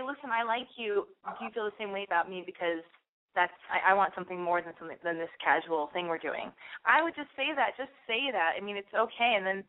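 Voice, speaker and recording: A woman hosting an advice show, giving a caller frank, blunt advice and acting out sample lines. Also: mid-range voice. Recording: phone-like radio audio.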